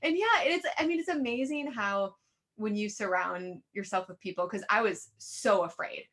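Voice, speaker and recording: A woman's voice: medium pitch, normal speed, fairly bright tone. A woman co-hosting a casual podcast, talking in a reflective and friendly way. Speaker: podcast co-host.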